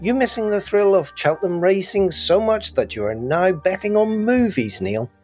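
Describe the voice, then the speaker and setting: A man's voice: high voice, expressive, moderate pace, darkish tone, faint music behind. A man co-hosting a film podcast with teasing, playful banter. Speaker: podcast co-host. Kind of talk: comic banter.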